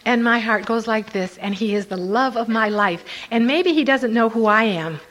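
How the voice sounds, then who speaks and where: An older woman giving a personal testimony to a recovery meeting, telling her story in an animated way and acting out her own inner voice. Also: fairly high pitch, normal speed. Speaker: Al-Anon speaker.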